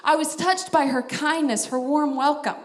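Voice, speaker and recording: Female missionary speaker in her thirties with a high voice, animated personal testimony with frequent laughter. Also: moderate pace. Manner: animated storyteller, laughs often, drops to soft emotional tones.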